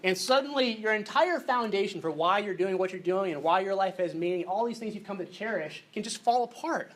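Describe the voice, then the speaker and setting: A man speaking at a youth conference seminar, conversational and shifting between hushed and animated. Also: high voice, brisk, a little hiss or hum. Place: conference hall with an audience.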